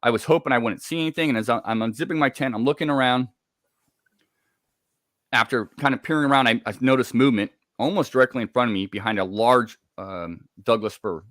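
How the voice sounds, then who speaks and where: A man's voice: on the low side, a bit bright, no room sound, clean studio sound. Man telling a tense campfire story. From Scotland. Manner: halting, repeats words, builds tension. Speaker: guest telling an encounter story. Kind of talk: casual storytelling.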